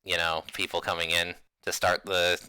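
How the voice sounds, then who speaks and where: A man running a tabletop game, chatty and quick to laugh. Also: low-pitched, clear, resonant tone, dry recording. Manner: laughs often, relaxed and chatty. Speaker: game master.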